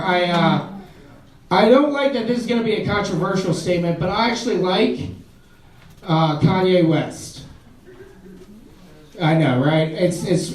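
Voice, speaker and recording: A man's voice: sits high, darkish tone, echoey room, far from the mic, low-quality recording. A man performing a stand-up comedy set in a comedy club, telling self-mocking stories in a chatty way and voicing the people in them. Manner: conversational, self-mocking storytelling with quoted voices.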